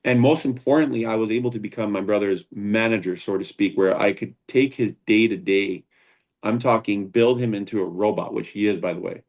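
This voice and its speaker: A founder and combat sports instructor guests on a casual interview, earnest and rambling with frequent restarts. His voice is lowish and darkish in tone, and he speaks briskly.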